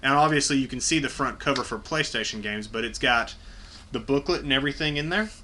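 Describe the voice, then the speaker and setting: A man's voice: medium pitch, quick pace, pushed and bright, slight background noise. A man hosting a casual unboxing video, talking bluntly and enthusiastically with plenty of swearing. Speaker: video host.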